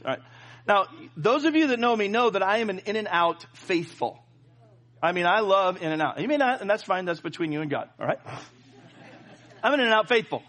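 A middle-aged man preaching, his voice sitting high for a man. He tells a personal story with lots of fillers, restarts and playful asides. He keeps pulling the congregation in with him. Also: fairly bright tone. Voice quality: plenty of filler and restarts, jokey. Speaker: pastor. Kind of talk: sermon.

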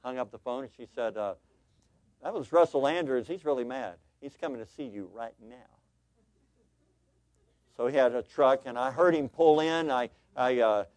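A male pastor preaching from the pulpit, his voice moving between vivid storytelling and quiet, earnest appeals. He speaks at a middle pitch, and the sound is close and dry with little room echo. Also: moderate pace. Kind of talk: sermon with storytelling.

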